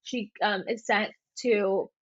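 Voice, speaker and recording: A woman's voice: medium pitch, takes it slowly, no room sound, lo-fi sound. A young woman co-hosting a casual podcast chat, retelling a story with lots of "like" fillers. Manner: animated storytelling with many "like" fillers. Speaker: podcast co-host.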